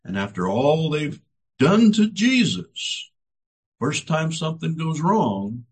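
Male preacher, sermon, husky tone, lively swinging pitch, emphatic repetition. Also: slow. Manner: dramatic, emphatic, repetitive phrasing.

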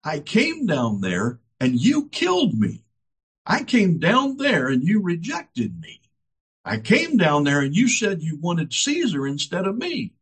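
A preacher voicing a stern, indignant Lord. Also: male voice, high voice, wildly swooping pitch, unhurried, breathy edge, pitched above the performer's own voice, full character voice. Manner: pleading, indignant rebuke. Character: stern wounded male Lord rebuking followers.

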